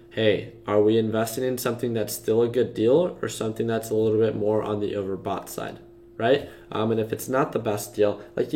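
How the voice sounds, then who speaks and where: A man's voice: lowish voice, darkish tone, a little hiss or hum. A young man hosting a casual trading livestream, talking loosely with lots of fillers and restarts as he walks through charts. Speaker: stock trading livestream host. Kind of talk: casual market commentary to live viewers.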